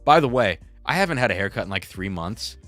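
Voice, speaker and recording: A man's voice: fairly low pitch, very animated, quick pace, a bit bright, faint music behind. A young man hosting a casual live stream, chatty and reading viewer comments aloud. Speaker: livestream host.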